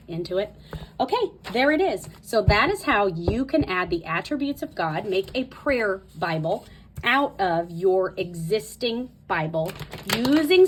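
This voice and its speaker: A woman with a mid-range voice hosts a Bible study video, chatting casually through a Bible tabbing tutorial and thinking aloud as she marks pages. There's a little hiss or hum in the recording.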